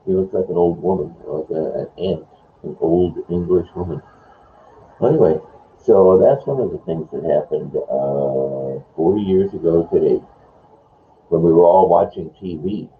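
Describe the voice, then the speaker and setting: Older male morning host, low and animated, chatty rambling monologue over a phone-like line. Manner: rambling, chatty, playful voices. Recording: tinny phone-like sound.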